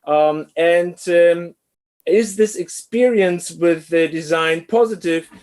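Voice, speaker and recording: Male business lecturer, higher-pitched, halting delivery full of fillers, online class. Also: a little mellow. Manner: hesitant, many uh fillers.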